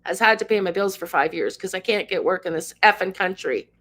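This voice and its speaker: A woman's voice: fairly low pitch, a little fast, a bit bright. A woman in her fifties, a channel host, speaking in an emotional monologue, ranting with passion and fighting back tears. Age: 50s.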